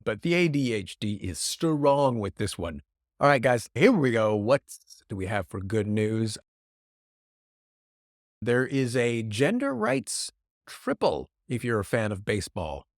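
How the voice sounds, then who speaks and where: Man, podcast host, rambling jokey talk, bouncy pitch, dry close mic. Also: very animated, a little slow, no echo. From Canada. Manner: rambling, joking, self-deprecating. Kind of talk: casual comedic news talk. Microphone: podcast microphone.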